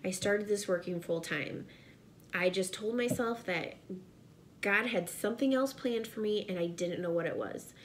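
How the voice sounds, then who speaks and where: Woman, 30s, pregnant, earnest, chatty, home office, faint low rumble. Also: moderate pace. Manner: earnest, chatty, addresses viewers directly. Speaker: vlogger and direct sales seller. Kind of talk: casual to-camera vlog.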